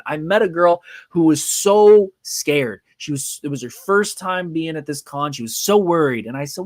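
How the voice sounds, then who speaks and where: A man's voice: a little high, moderate pace, hardly any pauses, a little mellow, dry recording, studio quality. Chatty man hosting a podcast. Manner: chatty, rambling storytelling with frequent fillers. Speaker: podcast host. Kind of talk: casual live podcast monologue. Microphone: podcast mic.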